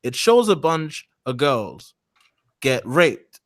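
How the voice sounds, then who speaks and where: Man, high-ish voice, very lively pitch, dry close sound, rambling mocking chat. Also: slow pace, dry recording. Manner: rambling and mocking, trips over restarts. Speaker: stream co-host. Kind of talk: casual chat.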